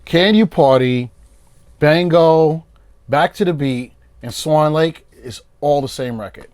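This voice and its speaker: A man, a producer guest telling animated stories and acting out his friends' lines in a casual interview. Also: a little high, slow.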